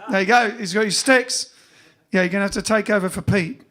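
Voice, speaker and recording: A man hosts a casual live stream for his band, chatting in a rambling, joking way full of fillers and restarts. His voice sits high and sounds bright and forceful. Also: a little fast.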